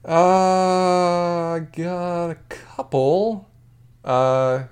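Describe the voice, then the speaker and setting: A man co-hosting a casual podcast, relaxed and encouraging. He talks through his picks in an unhurried way and reads quoted lines straight, with no big performance. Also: mid-range voice. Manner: easygoing and appreciative, reads quotes aloud. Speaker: podcast co-host. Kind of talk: casual chat ranking favorite lines from a TV drama.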